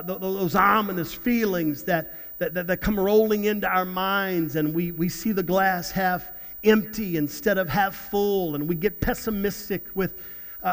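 A man preaching a sermon as pastor in church, halting and repeating words, then building to loud outbursts. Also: high voice. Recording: long hall reverb.

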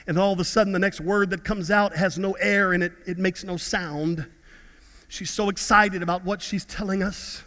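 A man's voice: high voice, steady tone, normal speed, a bit bright, long reverb tail. A middle-aged man preaching a fervent sermon as pastor, repeating words and breaking into bits of song.

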